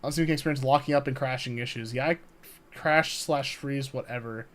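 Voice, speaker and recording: A young man chatting live on a game stream, excitable and swearing, laughing often and talking to his chat. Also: medium pitch, brisk.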